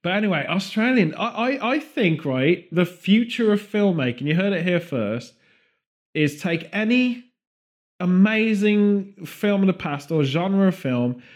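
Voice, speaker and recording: Male podcast co-host, higher-pitched, deadpan comic rambler. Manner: rambling deadpan absurd riffs, quick bursts of put-on voices. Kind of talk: comedic podcast banter.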